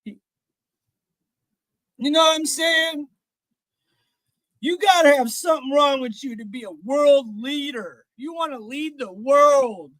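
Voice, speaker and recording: A man hosting a live stream, ranting in a heated, profane way and often shouting. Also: extremely high pitch, slow, pauses often, dry recording. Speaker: livestream host. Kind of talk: profane live reaction rant.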